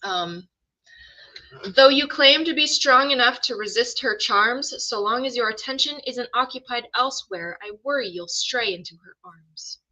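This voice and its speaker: A woman's voice: fairly high pitch, expressive, moderate pace, sharp tone, poor audio. A woman writer chatting playfully as a guest on a live stream, laughing easily. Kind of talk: casual live-stream chat.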